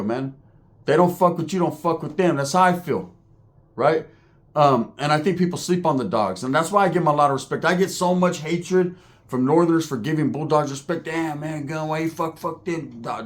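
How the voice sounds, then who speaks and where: Street-talking middle-aged guy, somewhat high voice, loose animated commentary rant. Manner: streetwise slang, animated, tangents and asides.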